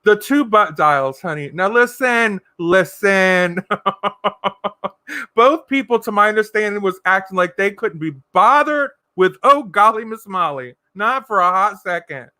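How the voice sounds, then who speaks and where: Sassy high-voiced man chatting on a livestream. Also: pushed and bright, no room sound, clean studio sound. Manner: sassy, campy, drawn-out endearments; reads viewer comments aloud. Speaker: livestream host. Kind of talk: casual livestream chat.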